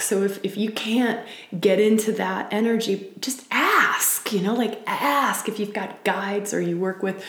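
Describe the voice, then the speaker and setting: A woman's voice: mid-range voice, reverberant. A woman hosting a spiritual podcast, talking casually and with passion, swearing now and then and voicing prayers aloud.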